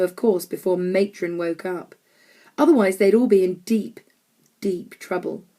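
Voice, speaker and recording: Lady reading a kids storybook aloud, clear and measured, mid pitch. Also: warm tone. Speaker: audiobook narrator. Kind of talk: scripted storybook narration.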